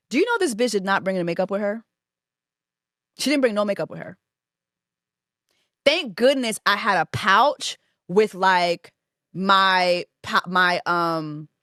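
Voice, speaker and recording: A woman's voice: medium pitch, no room sound. Lady podcast host ranting about a work story, swears a lot, dry close sound. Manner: animated, profane, venting. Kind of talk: casual storytelling monologue.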